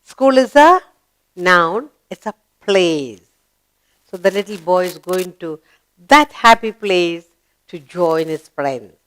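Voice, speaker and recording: A woman teaching a slow grammar lesson to young children, singsong and encouraging, asking questions and answering them herself. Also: lowish voice, lively intonation, fairly bright tone. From India.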